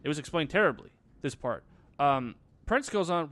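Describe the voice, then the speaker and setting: Sarcastic, animated young guy ranting. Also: a little high, normal speed, no echo. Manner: sarcastic, crude, rambling. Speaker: movie reviewer. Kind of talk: casual vlog commentary.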